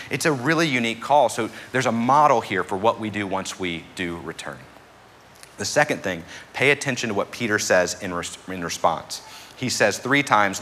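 A male pastor delivers a conversational sermon with a fairly low but bright, forceful voice. He punches key phrases and then settles back into a quieter explaining tone, with a faint background hum. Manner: conversational preaching with emphatic rises.

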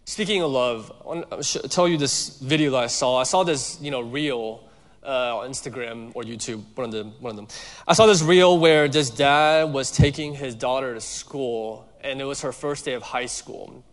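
A man's voice: medium pitch, normal speed. A male pastor preaching a sermon in a conversational way, weaving in personal stories. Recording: long hall reverb.

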